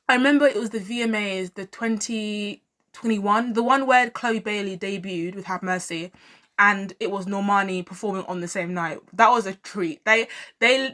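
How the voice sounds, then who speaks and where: Chatty woman vlogger. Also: medium pitch. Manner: chatty, animated, repeats herself for emphasis. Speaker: music commentary vlogger. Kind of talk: casual opinionated commentary.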